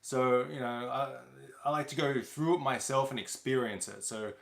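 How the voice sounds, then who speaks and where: A man's voice: medium pitch, moderate pace, echoey room. A man hosting a casual livestream chat, talking loosely with lots of fillers and restarts. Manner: loose, rambling, with many fillers. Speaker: host of a car wash business channel. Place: home.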